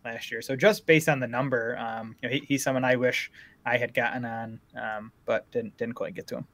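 A man's voice: medium pitch, steady tone, a bit bright. A man co-hosting a golf betting podcast, talking through odds in an easygoing, analytical way. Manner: easygoing, analytical, quick to agree. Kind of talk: casual sports chat.

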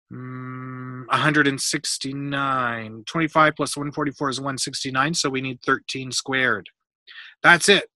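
A man reading a storybook aloud to a child, pausing patiently to explain the math. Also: medium pitch, pushed and bright, no room sound.

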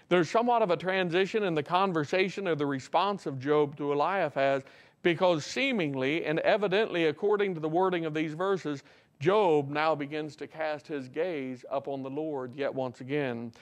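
A man preaching a sermon as pastor in a church. He swings from loud, emphatic peaks to quiet, reflective passages and reads scripture slowly. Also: fairly high pitch. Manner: reads scripture slowly in old-fashioned wording. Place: church sanctuary.

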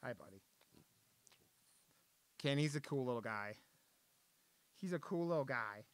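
A man's voice: mid-range voice, lively intonation, measured pace, no echo. A man live-streaming from his desk at home, chatting in a playful way and swearing casually.

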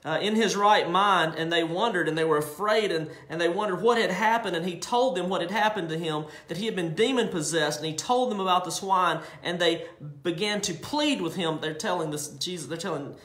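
A male preacher giving a sermon, reading scripture in an emphatic, drawn-out way and adding his own asides. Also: high-pitched, a bit bright, echoey room.

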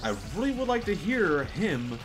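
A man's voice: sits high, very animated, normal speed. A man giving casual gameplay commentary, rambling and swearing freely with lots of fillers and restarts. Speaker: let's play commentator. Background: game music.

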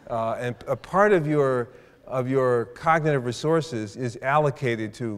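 A man's voice: mid-range voice, animated, unhurried, clear, resonant tone. An older man giving a university lecture, thoughtful, with many restarts and hesitations. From South Side of Chicago. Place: lecture hall. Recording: reverberant lecture hall.

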